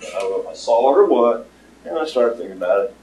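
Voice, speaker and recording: An older man giving a casual, rambling pitch to an audience, with lots of fillers. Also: lively intonation, quick pace, dark tone, slight background noise. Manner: rambling storyteller with many fillers. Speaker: startup presenter. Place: meeting room with audience. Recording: roomy, distant room recording.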